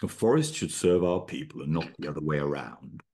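A man's voice: sits low, lively intonation, moderate pace, breathy edge, full character voice. A man reading aloud, voicing a stern, ruthless chieftain king who gives cold commands in a spoken story. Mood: commanding.

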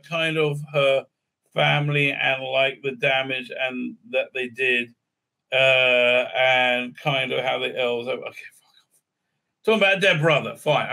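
Sarcastic man ranting, bright voice. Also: medium pitch. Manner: sarcastic, profane, rambling with many fillers. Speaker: video reviewer. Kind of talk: sarcastic solo review rant.

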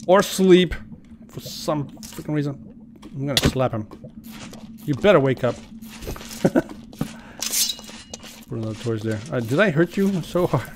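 A man with a medium-pitched voice hosts a let's play, chatting casually as he plays and talking to the game's characters. There is noise in the background.

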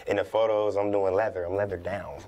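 Laid-back lower-voiced man. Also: fairly even intonation, brisk, over a noisy crowd. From Compton, California. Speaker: guest singer. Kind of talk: casual chat.

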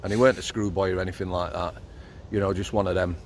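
Out on a night walk, a former prison officer, middle-aged and Yorkshire-accented, tells casual stories bluntly, swearing freely. His voice is low-pitched with little pitch movement and a quick pace, with slight background noise behind it.

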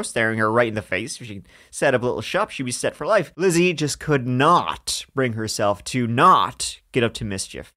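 With a mid-range voice and a sharp tone, this man co-hosts a podcast and jokes his way through a true-crime story. He laughs in between the story's parts and keeps things casual.

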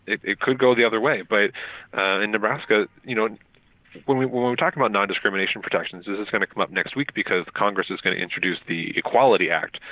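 Low-voiced man on a tinny phone line. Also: dry recording. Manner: measured, filler-heavy explaining with many ums and restarts. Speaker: radio show guest. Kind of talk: explanatory talk-radio interview. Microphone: phone call.

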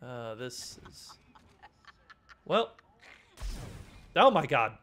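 A man's voice: medium pitch, big pitch swings, extremely slow, a bit bright, slight background noise. A young man giving casual commentary while playing a horror game, joking, swearing often and yelping at jump scares. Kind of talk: casual let's-play commentary.

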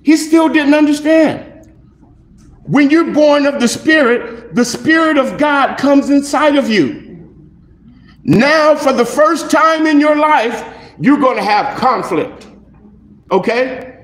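A male pastor preaching a sermon in an animated, conversational way, acting out little dialogues. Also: very high-pitched, takes it slowly, roomy sound. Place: church.

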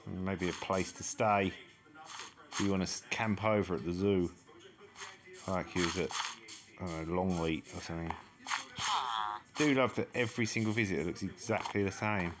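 A man's voice: low voice, moderate pace, pauses often, a crowd in the background. A man giving casual, chatty commentary as he explores a game map and exclaims at each new discovery. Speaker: gaming channel host. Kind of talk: casual let's-play commentary.

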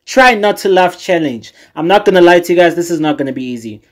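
A man's voice: sits high, animated, quick pace. A man hosting a reaction video, talking to viewers in a hyped, slangy way. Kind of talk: casual reaction commentary.

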